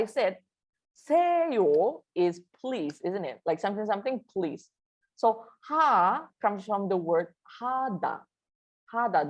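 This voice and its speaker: A woman teaching a live online language lesson, repeating each phrase slowly for students to echo and mixing languages as she explains. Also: medium pitch, muffled recording. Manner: mixes languages mid-sentence.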